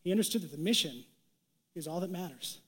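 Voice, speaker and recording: A young adult man preaches in a light, conversational way, with a fairly high voice. Short bits of quoted dialogue get their own voices, and his words carry a long reverb through a large hall. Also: lively intonation, fast, a bit bright, husky. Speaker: pastor. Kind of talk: sermon.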